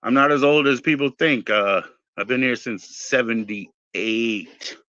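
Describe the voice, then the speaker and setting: A man in his forties with a bright, forceful voice talks in a loose, meandering way, cursing casually as he drifts between tangents. The sound is dull and lo-fi, with a dry, close feel and no room around it. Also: mid-range voice, measured pace, no echo. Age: 40s. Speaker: podcast host. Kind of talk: rambling casual chat.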